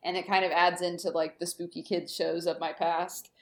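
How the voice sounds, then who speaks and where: A woman co-hosting a podcast casually recaps an episode of a kids' TV show, chatting with lots of fillers. Her voice sits on the low side with little pitch movement, and she speaks at a moderate pace.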